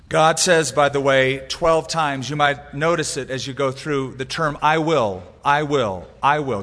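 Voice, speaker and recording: A pastor delivering an emphatic sermon, his voice rising and falling with light humor. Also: big-room sound. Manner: emphatic preaching with wide swings in pitch and loudness, light humor.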